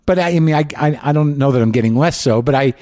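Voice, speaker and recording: A man from New Mexico hosting a show, talking in a candid, rambling way with halting restarts and a grieving, reflective tone. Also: medium pitch, mellow, dry recording, clean studio sound. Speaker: podcast host. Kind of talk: casual monologue.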